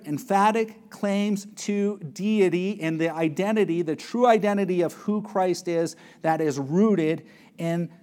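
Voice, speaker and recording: A man preaching a sermon, reading verses and explaining them with emphatic stress. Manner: emphatic, varies pitch and loudness for stress.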